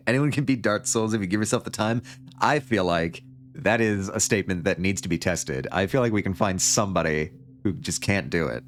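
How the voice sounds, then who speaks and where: Speaking at a normal speed in a low voice, a streamer reads a story game aloud on his livestream. He jokes, rambles casually, and laughs frequently.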